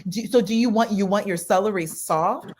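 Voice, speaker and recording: A woman with a mid-range voice co-hosts a relaxed chat, handing out cooking tips. She walks through each step methodically and repeats key points. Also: mid-range voice, moderate pace. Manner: instructive, explains step by step. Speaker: co-host.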